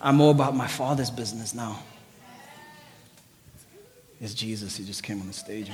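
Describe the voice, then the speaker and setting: A man preaching an energetic sermon. He swings from shouted exclamations to low, intimate asides. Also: normal speed, pauses often, big-room sound, faint music behind.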